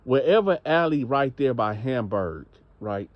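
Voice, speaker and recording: A man's voice: medium pitch, lively intonation, a little slow, dry recording, muffled recording. A man narrating a story in a loose, slangy, conversational way.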